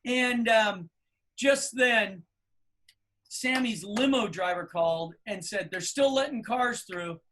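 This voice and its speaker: A middle-aged man telling a long anecdote on a podcast, acting out the people he quotes in loud, animated voices. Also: sits high, slow pace, slight background noise. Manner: animated storyteller, acts out quoted people loudly. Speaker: podcast co-host. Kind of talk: casual storytelling.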